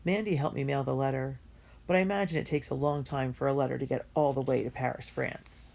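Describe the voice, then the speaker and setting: A woman reading a first-person diary story aloud in an earnest and expressive way. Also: a bass voice, brisk, gravelly. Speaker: audiobook reader.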